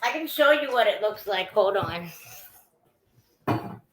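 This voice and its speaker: A woman's voice: medium pitch, lively intonation, measured pace, a bit bright, roomy sound. A woman hosting a casual livestream from her home, chatting loosely and cursing now and then. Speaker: livestream host. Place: at home indoors.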